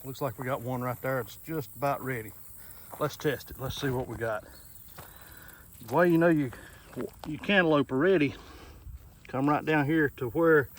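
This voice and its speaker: A man giving a relaxed, folksy walk-through of his garden, with lots of filler words, recorded outdoors on a camera mic. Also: medium pitch. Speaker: farm vlogger. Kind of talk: casual walk-through narration. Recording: faint outdoor noise with insects. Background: crickets and insects in the background.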